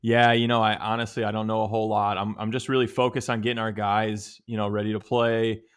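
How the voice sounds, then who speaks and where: A man's voice: on the low side, little pitch movement, a little fast, smooth, lightly acted. A man doing a rambling football coach at a presser. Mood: evasive. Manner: evasive, rambling press-conference cliches. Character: adult male football coach giving a media answer.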